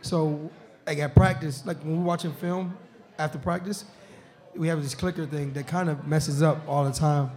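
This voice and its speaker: A young man, a football player appearing as a guest on a live show in a restaurant, tells stories in a loose, laughing way, often saying "you know what I'm saying." His voice is fairly high and a little mellow, with a steady tone at normal speed. The talk is casual live-show chat.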